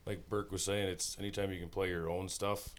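A man from Saskatchewan, a musician, telling relaxed, rambling, self-deprecating stories in a recording studio. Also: sits low, fairly quick, slight background noise. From Saskatchewan, Canada. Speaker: musical guest, singer-songwriter. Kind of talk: casual storytelling chat.

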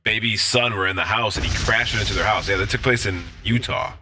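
A man co-hosting a podcast in casual chat, telling stories in a quick, emphatic way. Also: lowish voice, noisy background. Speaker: podcast co-host.

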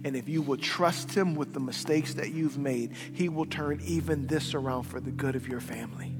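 A man, a pastor, preaching an emphatic sermon that swings between loud and quiet. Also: medium pitch, moderate pace. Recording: long hall reverb with soft background music.

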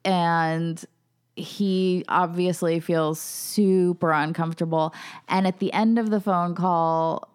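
A woman's voice: lowish voice, fairly even intonation, takes it slowly, darkish tone, clear, resonant tone. A woman co-hosting a podcast, talking casually with many fillers. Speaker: podcast co-host. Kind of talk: casual chat.

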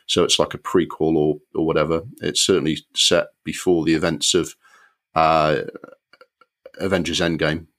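A man co-hosts a film podcast in a relaxed, chatty way. His voice sits very low and deep. He is opinionated and rambles, often restarting his sentences. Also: moderate pace. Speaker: podcast co-host. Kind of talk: casual film review chat.

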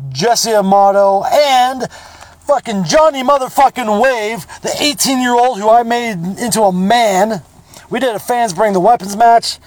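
A man's voice: high-pitched, a little mellow, dry recording. A man hosting a podcast, telling rambling, profane stories in a casual, blunt way. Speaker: podcast host. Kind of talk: casual storytelling monologue.

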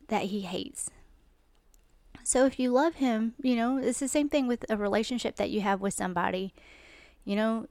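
A woman's voice: fairly high pitch, darkish tone, no echo. A woman in her forties hosting a podcast, giving an earnest, conversational Bible talk. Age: 40s. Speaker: podcast host. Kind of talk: casual devotional Bible talk.

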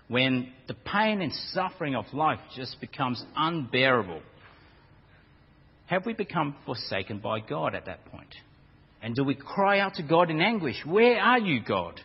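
A man preaching a sermon, praying and then telling a story in an animated way. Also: medium pitch, slightly rough. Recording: dull lo-fi church recording with long reverb.

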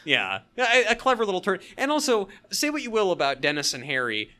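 A man's voice: high voice, wildly swooping pitch, brisk, bright, forceful tone. A man co-hosting a podcast, chatting about a sitcom episode with sarcastic asides. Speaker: podcast co-host. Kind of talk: casual episode recap chat.

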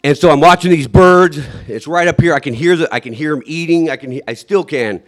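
Halting man recounting an ordeal. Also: on the high side. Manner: halting, restarts and trails off, hushed at times; recounts vividly, acting out his own shouts. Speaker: survivor telling his story. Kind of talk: emotional personal account.

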